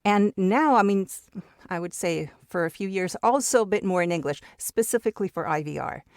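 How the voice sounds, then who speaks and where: A woman's voice: medium pitch, lively intonation, a little fast, dry recording, studio quality. A Mexican-raised woman whose first language is Spanish, chatting as a guest voice actor in an interview, with lots of restarts and repeated words. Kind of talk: casual interview chat.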